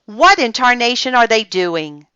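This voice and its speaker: A woman's voice: a little high, sing-song, a little slow, pushed and bright, smooth, dry recording, lo-fi sound, voice pushed up, full character voice. A woman reading aloud as a puzzled middle-aged man of the house in a storybook, exclaiming and questioning.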